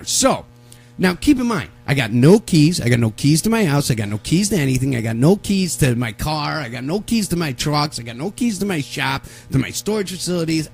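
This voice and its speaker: A man's voice: a little high, gravelly, breathy edge. A man telling a long story on a live talk show, acting out the voices of the people in it. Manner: animated, acts out the voices of people in his story. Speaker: radio show co-host.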